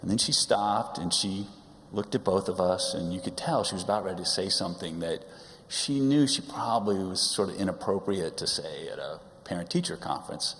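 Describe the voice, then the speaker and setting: A middle-aged man with a very low voice speaks at a religious service, ribbing his son with dry jokes between hesitant pauses. His words ring out with a long reverb through a large sanctuary. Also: a bit bright. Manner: wry, teasing humor with halting pauses. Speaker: father giving a speech at his son's coming-of-age service. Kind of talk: personal speech at a religious service.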